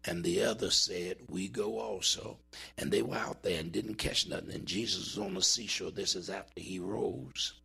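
A man preaching a sermon in a dramatic style, with big swings in pitch and drawn-out words for emphasis. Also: gravelly, pushed and bright, breathy edge.

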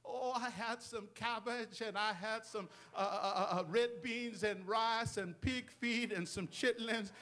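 A woman's voice: a little high, a little slow, hardly any pauses, fairly bright tone. A man voicing a dramatic, panicky older churchwoman with a thick French accent. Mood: sheepish.

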